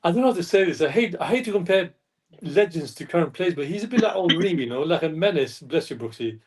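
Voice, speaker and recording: Man, slightly high voice, a fan panelist who rambles and keeps apologising; picked up from a distance. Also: expressive, quick pace, a little mellow. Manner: rambling, apologetic, self-correcting. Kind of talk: casual chat. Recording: distant mic.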